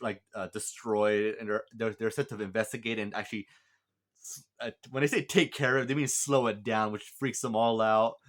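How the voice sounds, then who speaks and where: Rambling low-voiced man reviewing a film. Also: a bit bright. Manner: rambling, many fillers and restarts. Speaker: movie reviewer. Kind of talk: casual film review vlog.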